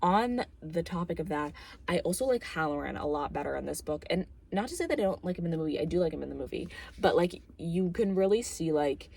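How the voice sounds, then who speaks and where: A woman's voice: on the low side, expressive, a little fast, gravelly, darkish tone, slight background noise. A young woman vlogging, chatting casually about a film and book, rambling with lots of fillers and jokey asides.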